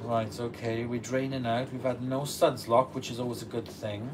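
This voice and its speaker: Speaking at normal speed in a mid-range voice, a man hosts a casual livestream, reading and replying to viewer comments. The mic is distant, with a running washing machine adding constant background noise.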